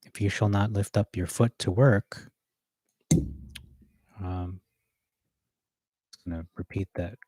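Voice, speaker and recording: A man rehearsing a sermon, reading scripture aloud and pausing with fillers and self-corrections. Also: sits low, fairly even intonation, mellow, breathy edge, no echo. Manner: reads verses aloud, with hesitant fillers and self-corrections between. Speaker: preacher.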